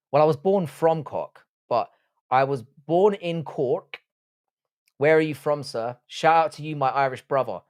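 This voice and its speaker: Rambling crude man hosting a livestream. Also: fairly high pitch. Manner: rambling, crude and jokey, reads chat aloud. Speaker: livestream host. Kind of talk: casual livestream chat.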